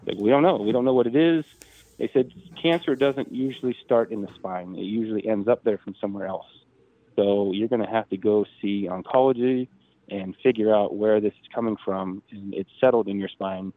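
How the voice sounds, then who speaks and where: A man's voice: lowish voice, normal speed, no room sound. A man in his thirties, a podcast guest, casually telling a personal story and acting out the dialogue. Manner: animated retelling, acting out quoted dialogue. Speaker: podcast guest, drag racer. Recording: tinny phone-line sound.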